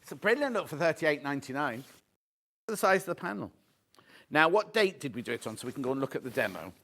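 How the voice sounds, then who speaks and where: Fast and sharp-toned, this man's fairly high voice swings widely in pitch. He presents a live sales show from a TV studio, joking and chatting while promoting deals and reading out messages from viewers.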